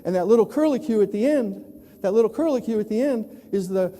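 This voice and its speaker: High-voiced man giving a keynote. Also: fast. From New York. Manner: animated, acts out quoted people. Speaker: plenary speaker. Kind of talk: conference keynote storytelling. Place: large conference hall. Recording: long reverb of a large hall.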